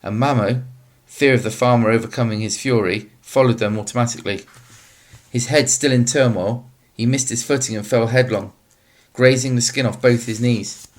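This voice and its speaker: A man reading a novel aloud as narrator, in a steady, measured way. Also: medium pitch. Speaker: audiobook narrator.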